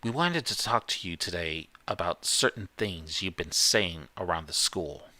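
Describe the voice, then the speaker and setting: A man's voice: low voice, expressive, measured pace, sharp tone, no echo, heavily acted. A man voicing a condescending woman school counselor with a Southern US accent, talking down in a patronizing way. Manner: patronizing, talks down.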